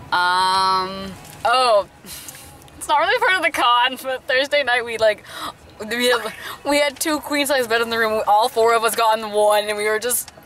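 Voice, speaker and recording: A young woman vlogging from a car, chatting casually and rambling quickly with laughing asides. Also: mid-range voice, bright, forceful tone, rough recording. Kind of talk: casual chat. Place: inside a car in traffic. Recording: road noise from a car. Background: traffic noise.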